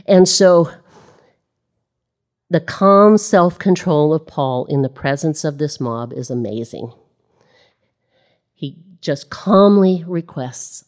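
Low-voiced woman preaching a sermon. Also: takes it slowly. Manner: animated, rising when quoting the crowd, dropping low and soft in reflection. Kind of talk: sermon on a scripture passage.

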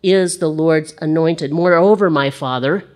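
A woman's voice: medium pitch, a little slow, voice pushed up, lightly acted. A woman voicing a young male warrior who earnestly pleads with a king, read with emphasis from scripture. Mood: pleading.

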